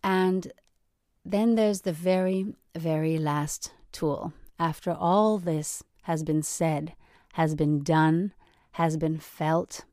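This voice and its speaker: A woman's voice: fairly low pitch, flat delivery, slow, a little mellow, no echo, studio quality. A woman hosting a podcast, talking earnestly and emphatically, often checking in with "right?". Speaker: podcast host. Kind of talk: reflective solo podcast talk.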